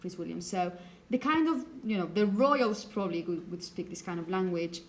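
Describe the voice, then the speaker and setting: A woman's voice: fairly low pitch, lively intonation, moderate pace. A woman teaching a phonetics class in a classroom, chatty and apologetic, putting questions to her students. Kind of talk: classroom lecture.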